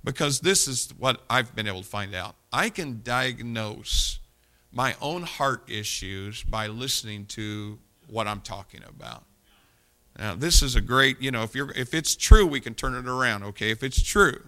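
A man's voice: mid-range voice, expressive, moderate pace, sharp tone. A man preaching a folksy sermon, reading scripture aloud and talking directly to his congregation. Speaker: pastor.

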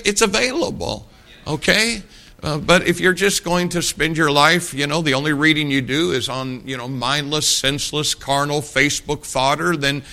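A man's voice: on the high side, sharp tone. A middle-aged man preaching a sermon, telling folksy stories and asking rhetorical questions.

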